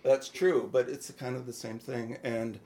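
A man's voice: medium pitch, little pitch movement, normal speed, a little mellow. A man co-hosting a podcast, telling personal stories to his friends in a frank, chatty way. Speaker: podcast co-host. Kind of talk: candid personal storytelling.

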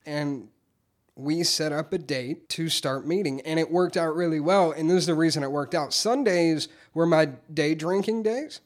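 A man telling his recovery story in casual, candid talk, swearing freely and getting animated when he quotes himself. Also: on the high side, normal speed.

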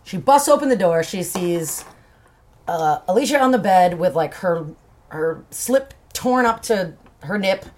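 A woman recaps a novel for her podcast co-host in relaxed, casual chat. She talks loosely, swears freely and leans on "like" as she narrates. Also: fairly low pitch, unhurried, slight background noise. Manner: loose and profane, narrating with lots of "like".

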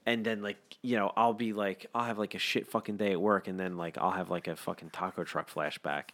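A man's voice: deep voice, flat delivery, a little fast, a bit bright. A young man telling a story in casual podcast chat, swearing constantly and mimicking the people in it. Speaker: podcast co-host.

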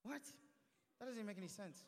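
A young man preaching a sermon in a church, animated, swinging from loud emphatic lines to hushed asides. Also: high voice, quick pace. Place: church sanctuary. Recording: long church reverb.

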